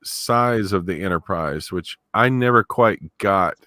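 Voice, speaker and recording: A man giving relaxed, reflective remarks in a casual movie commentary. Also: low-pitched, unhurried, dry recording, clean studio sound.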